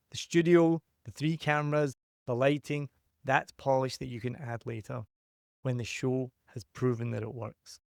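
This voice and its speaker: A man's voice: medium pitch, gravelly, no room sound, clean studio sound. A man hosting a solo podcast, giving direct, emphatic advice in a punchy, opinionated way. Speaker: podcast host and consultant.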